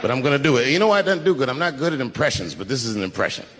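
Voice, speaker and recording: A man's voice: medium pitch, lively intonation, rapid-fire. A man in his forties doing a laid-back, self-deprecating stand-up set on a stage before a large audience. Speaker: stand-up comedian. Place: large venue with a crowd. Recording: live hall with crowd noise. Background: audience laughter.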